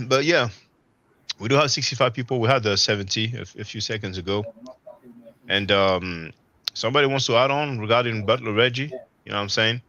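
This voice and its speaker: Bright-voiced man hosting a live stream. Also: mid-range voice, a little fast, muffled recording. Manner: rambling, many fillers, quotes others mockingly. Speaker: livestream panel host. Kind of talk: casual call-in commentary.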